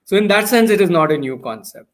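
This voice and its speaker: A man talks through his ideas in a relaxed conversation, fairly high in pitch. He explains patiently with examples and often restarts his sentences. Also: fast. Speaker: founder of a learning community, guest. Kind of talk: casual conversation.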